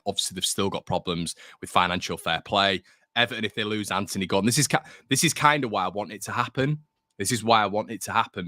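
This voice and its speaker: Young male stream host, low and bright voice, dry close sound, casual and opinionated. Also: no echo. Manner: chatty, reads out viewer comments, opinionated. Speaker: fan channel host. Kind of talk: casual live-stream chat.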